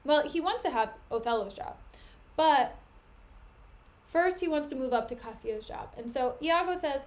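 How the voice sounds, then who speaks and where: A woman's voice: sits high, animated, normal speed. A young woman streaming, retelling a play in a chatty, slangy way, her voice still recovering.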